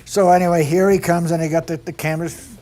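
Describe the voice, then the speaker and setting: Older male storyteller, slightly higher voice, animated anecdotes, plays every character in his stories, laughs a lot. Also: quick pace, slight background noise. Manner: animated yarn-spinner, mimics others in quotes, laughs often. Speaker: veteran stunt performer.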